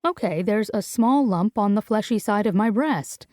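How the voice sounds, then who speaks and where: A young adult woman narrating a first-person romance audiobook in an intimate, even manner. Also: mid-range voice, normal speed, dry recording, clean studio sound.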